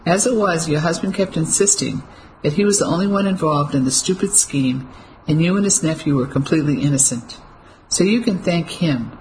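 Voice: mid-range voice, brisk, darkish tone, slight background noise, lightly acted, low-quality recording. A storyteller voicing a smug, cruel male officer who taunts and threatens in an audiobook. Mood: mocking. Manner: mocking, menacing.

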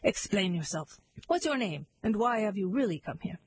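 Woman playing a pompous male chief, stern and preachy, husky tone. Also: mid-range voice, sing-song, moderate pace, exaggerated voice, poor audio. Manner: stern, lecturing. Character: pompous male leader of forest men.

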